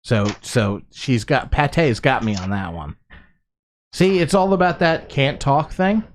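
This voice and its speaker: A man co-hosting a craft livestream, chatting casually in a self-mocking, excitable way. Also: unhurried, a little hiss or hum. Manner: self-mocking, excitable, lively swings in pitch. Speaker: co-host.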